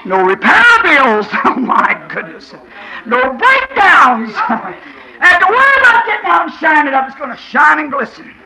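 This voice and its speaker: A man preaching a sermon to a congregation, fervent, dropping to quiet asides and then crying out in shouts, with questions thrown to the listeners. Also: very high voice, big pitch swings, normal speed, poor audio.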